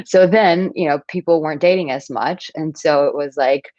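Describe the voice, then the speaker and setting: A woman in her thirties, a dating coach, talking casually to camera with animated storytelling and playful asides. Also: low voice, moderate pace, no echo, lo-fi sound. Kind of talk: casual advice talk to camera.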